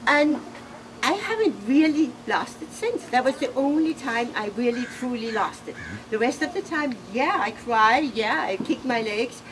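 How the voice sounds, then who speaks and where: A middle-aged woman giving a personal eulogy, halting and emotional, laughing through tears. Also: on the high side, distant mic. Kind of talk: personal eulogy, casual storytelling. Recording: noisy room ambience.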